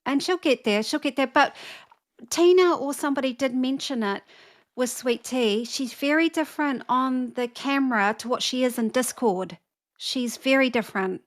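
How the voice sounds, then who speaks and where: Female co-host, higher voice, halting and hesitant casual talk. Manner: hesitant, many fillers and restarts. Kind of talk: casual chat.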